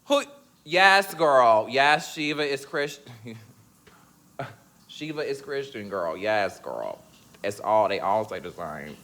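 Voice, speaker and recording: A young man chatting casually to his viewers, sassy and slangy, breaking into laughs and high squeals. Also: sing-song, slow, bright, forceful tone. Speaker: vlogger.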